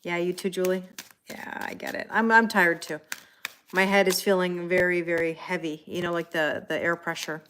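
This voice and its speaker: A woman's voice: lowish voice, steady tone, moderate pace, fairly bright tone, a little hiss or hum. Chatty middle-aged woman reading tarot live. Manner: chatty, greets viewers by name, many fillers and light laughs. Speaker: tarot reader on a livestream. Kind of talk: live-stream casual chat.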